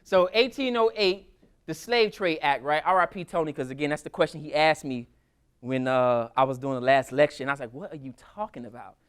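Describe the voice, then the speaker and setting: A man giving a casual history lecture at a school, telling stories in a lively, colloquial way. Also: a little high, fairly quick, clear, resonant tone. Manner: animated, colloquial storytelling. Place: school hall with audience.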